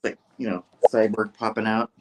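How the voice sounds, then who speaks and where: A man co-hosts a podcast, recapping a comic book in a loose, rambling way, leaning on "he's like" and "you know." His voice is fairly low with little pitch movement, his pace is normal, and there's background noise.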